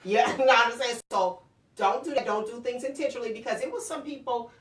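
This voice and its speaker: A woman hosting a casual talk show, telling lively stories about her children and acting out their lines. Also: a little high, fast, far from the mic. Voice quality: lively storyteller, acts out quotes. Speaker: host. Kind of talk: casual chat. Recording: roomy, off-mic.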